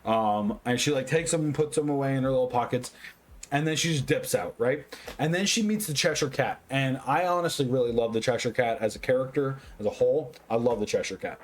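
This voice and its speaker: A tipsy man giving a casual movie review, rambling, swearing constantly and getting excitable. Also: medium pitch, brisk. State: tipsy, drinking.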